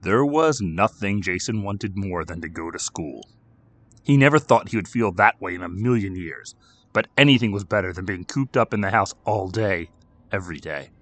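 Low, expressive male horror narrator. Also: moderate pace. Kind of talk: scripted horror story narration.

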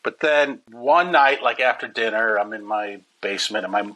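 A man from Connecticut, a stand-up comedian, telling stories lively and casually as an interview guest. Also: on the low side, normal speed, rough recording. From Connecticut, USA. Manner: animated, lively storyteller.

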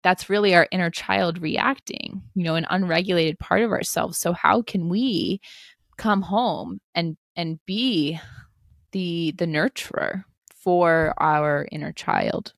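Gravelly-voiced young woman coach, gentle. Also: fairly low pitch, fairly even intonation, takes it slowly, no echo, studio quality. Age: 20s. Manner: gentle, reassuring, many "like" fillers. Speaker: spiritual life coach. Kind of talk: podcast interview.

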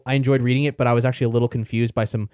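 A man's voice: mid-range voice, flat delivery, rapid-fire, a little mellow, no echo. A man hosting a podcast, talking in a rambling, chatty way and casually swearing. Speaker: podcast host. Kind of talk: casual chat.

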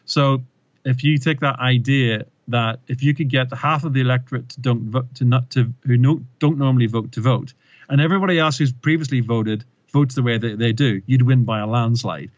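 Male guest expert, lively storyteller, dull dry lo-fi sound. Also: mid-range voice, fairly quick, no room sound. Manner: animated storyteller, retells with rising emphasis. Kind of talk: explanatory interview talk.

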